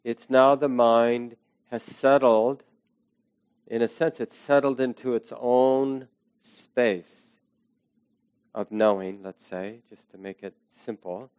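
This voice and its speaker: A man teaching a meditation class, speaking slowly and reflectively, letting his phrases trail off softly. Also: medium pitch, fairly even intonation, clean tone, no room sound. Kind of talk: dharma talk to a class.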